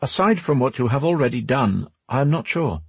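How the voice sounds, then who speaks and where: A gracious young princess, courteous and composed, her lines pitched a little above a deep husky voice, as a male narrator puts her on. She speaks formally and evenly, close and dry, as in a storybook reading. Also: lively intonation, fairly quick, dry recording. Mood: earnest.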